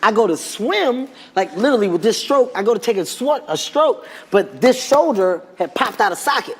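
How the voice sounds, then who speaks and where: A man telling an animated, self-mocking anecdote as a talk show guest. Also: sits high, normal speed, husky, big-room sound.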